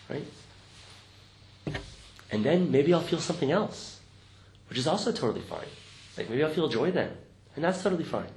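A man whose mid-range voice has vocal fry and a darkish tone leads a group in meditation through an informal, reflective talk. Many of his sentences end with a checking-in "right?" The recording sounds roomy, with faint noise.

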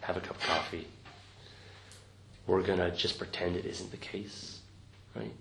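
A man with a low, steady voice speaks a little slowly as he teaches meditation to a group. His talk is casual and reflective, and "right?" gets tagged onto many sentences. It's a roomy recording with faint noise.

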